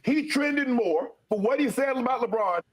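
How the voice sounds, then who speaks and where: Husky, high-voiced man mocking a rant. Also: lively intonation, normal speed. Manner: incredulous, mocking. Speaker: commentary host. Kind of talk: reaction commentary.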